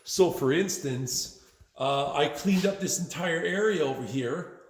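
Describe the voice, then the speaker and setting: A man's voice: a little high, measured pace, a little hiss or hum. A middle-aged man and small business owner venting in a profane, exasperated monologue, constantly saying "man". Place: large bare workspace under renovation. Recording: echoey hall with long reverb.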